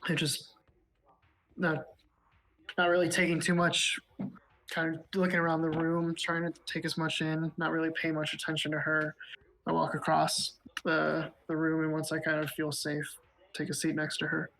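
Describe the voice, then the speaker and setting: Subdued, brooding role-play player, flat monotone narration. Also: medium pitch, moderate pace, vocal fry, low-quality recording.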